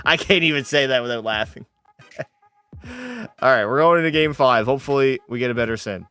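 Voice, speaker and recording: A man's voice: medium pitch, big pitch swings, normal speed, pauses often, pushed and bright, smooth, faint music behind. A young man streaming a hockey game, chatting with his viewers and getting worked up over the play. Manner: casual, swearing, frustrated outbursts. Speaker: gaming streamer. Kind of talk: live game commentary with chat.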